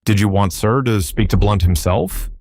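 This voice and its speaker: A man's voice: fairly low pitch, normal speed, darkish tone, no room sound, studio quality. A man voicing a young office boy who is polite, self-important and confiding. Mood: officious.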